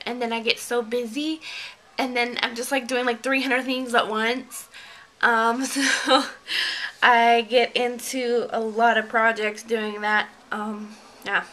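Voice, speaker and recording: Bright-voiced chatty young woman vlogger. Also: on the high side, poor audio. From Georgia, US. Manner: chatty, rambling with many fillers and laughs. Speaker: beauty vlogger. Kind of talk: casual tag video chat.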